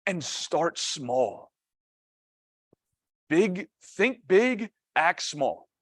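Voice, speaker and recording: Energetic man coaching a sales team. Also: on the high side, no echo. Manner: energetic, punchy, quizzes the audience. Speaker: real estate team trainer. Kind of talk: motivational training talk to a team meeting.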